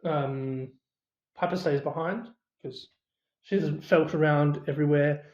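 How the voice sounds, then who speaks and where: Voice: medium pitch, moderate pace, a little mellow, reverberant, highs cut off. A movie reviewer casually retelling a horror film's plot, with many fillers and quoted asides.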